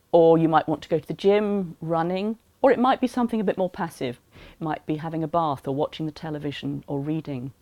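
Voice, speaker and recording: A woman calmly explaining voice care to teachers in an educational talk. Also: on the low side, no room sound. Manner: calm, explanatory, practical advice. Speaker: voice health advisor for teachers.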